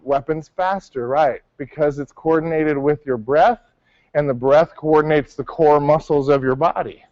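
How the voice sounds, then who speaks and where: A man's voice: a little high, fairly even intonation, moderate pace, a little mellow, no echo, lo-fi sound. A male martial arts instructor teaching a class, calling out counts and coaching his students. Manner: barks counts, coaching and correcting.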